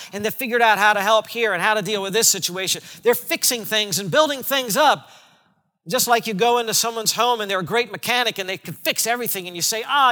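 A man preaching a sermon as a pastor, emphatic, dropping to hushed tones and rising again. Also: high voice, long reverb tail. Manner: emphatic preaching, shifting between loud and hushed.

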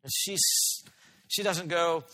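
Pastor guy preaching, earnest and pushy, bright sharp voice, big echoey hall. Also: sits high, moderate pace. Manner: earnest, emphatic, asks the congregation questions. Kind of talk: sermon.

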